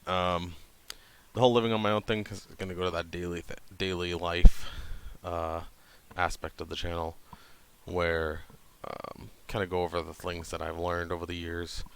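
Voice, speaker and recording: A man in his thirties from New Hampshire, talking casually to camera in a flat, monotone way with lots of hesitant ums. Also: deep voice, normal speed, slight background noise. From New Hampshire, USA. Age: 30s. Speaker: channel host.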